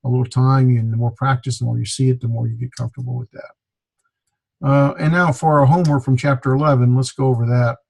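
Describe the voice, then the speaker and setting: A man's voice: mid-range voice, fairly even intonation, brisk, gravelly, darkish tone, breathy edge, low-quality recording. A man teaching a Greek class in a classroom lecture, explaining steadily with many hesitant fillers.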